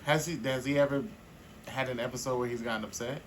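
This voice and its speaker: A man co-hosting a podcast in casual, candid chat, animated and quick to laugh. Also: mid-range voice, slight background noise, low-quality recording. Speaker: podcast co-host.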